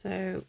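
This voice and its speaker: A woman's voice: on the low side, gravelly, a bit bright, dry recording. A woman hosting a live card-making stream, chatting, muttering to herself and laughing as she works. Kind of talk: casual live crafting chat.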